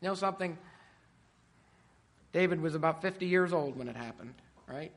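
A middle-aged man preaching a sermon, swinging from quiet asides to loud, emphatic peaks. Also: on the high side, normal speed.

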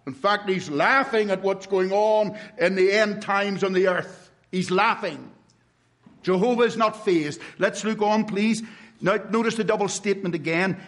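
A man preaching a sermon to a congregation, stressing words slowly and asking rhetorical questions. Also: sits high, animated, fairly bright tone. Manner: emphatic, with slow drawn-out stresses and rhetorical questions.

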